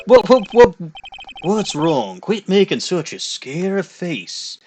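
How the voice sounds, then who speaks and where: A man's voice: high voice, huge pitch swings, a little mellow, pitched above the performer's own voice, full character voice. A man voicing a flamboyant young male showman who gushes and drags out his words theatrically. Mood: flustered showy. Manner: gushing, theatrical, drawn-out words.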